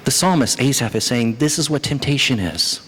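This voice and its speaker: A male pastor preaching a sermon, lively and animated, who acts out the psalmist's complaints as he goes. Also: mid-range voice, moderate pace, slight background noise. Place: church sanctuary. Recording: church hall reverb.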